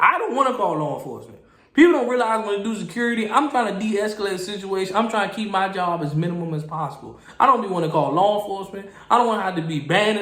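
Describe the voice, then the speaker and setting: A man who hosts a podcast and works security, telling animated stories and acting out the people he deals with. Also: high voice, reverberant. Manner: animated storytelling, mimicking people. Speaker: podcast host, security guard. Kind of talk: casual podcast monologue.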